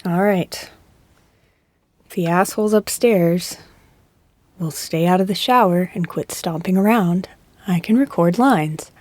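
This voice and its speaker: A woman's voice: on the low side, unhurried, long pauses, darkish tone, no room sound. A woman voice actor in wry, casual chat between takes, complaining and joking. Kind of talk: casual studio outtake chat.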